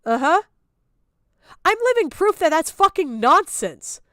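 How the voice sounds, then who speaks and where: A woman's voice: very high-pitched, very animated, a little slow, a bit bright, dry recording. A young woman streamer ranting heatedly on stream, swearing and hammering the same point again and again. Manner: heated, profane, repeating her points. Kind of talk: angry reaction rant.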